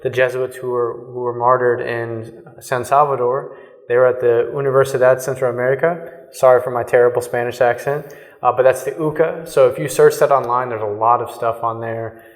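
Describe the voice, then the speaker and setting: A male host with a mid-range voice asks questions and adds quick, friendly notes for listeners. His delivery is brisk and conversational. The room has a long reverb. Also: mid-range voice, fairly even intonation. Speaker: podcast host. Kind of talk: interview hosting.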